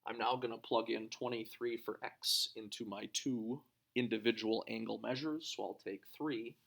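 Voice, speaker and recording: Gravelly-voiced man teaching a math lesson. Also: mid-range voice, fairly even intonation, moderate pace, a bit bright. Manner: talks through steps aloud, thinking as he goes.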